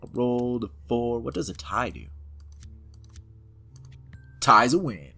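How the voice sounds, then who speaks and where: A man's voice: medium pitch, very animated, slow, vocal fry, bright, forceful tone, slightly rough. A man playing a computer game, reading its text aloud and commenting on it in a playful, hammed-up way. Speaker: let's-play host.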